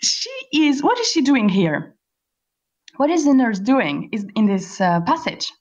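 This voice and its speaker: A woman teaching a class over a computer voice call, her voice fairly high and swinging widely in pitch. She asks patient questions and spells words out letter by letter. The call audio is dull and lo-fi. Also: sing-song, measured pace, darkish tone. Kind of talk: online class explaining a play.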